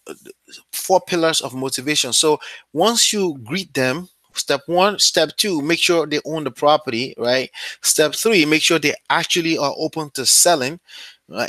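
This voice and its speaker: A man's voice: medium pitch, fairly bright tone, no echo. Casual-talking man coaching, dry sound. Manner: loose and conversational, often checks in with "right?" and "okay?". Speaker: real estate wholesaling coach. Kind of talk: casual instructional talk.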